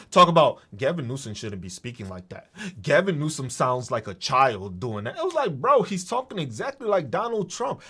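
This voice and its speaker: A man rants on his podcast with a high, lively voice that leaps all over its range. He talks in a heated, profane, mocking way. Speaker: podcast host. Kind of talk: ranting political monologue.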